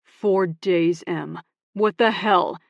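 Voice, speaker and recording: A woman narrator voicing a blunt, possessive young man with loud, clipped delivery. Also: on the low side, steady tone, fairly quick, no room sound, muffled recording, natural voice. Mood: heated.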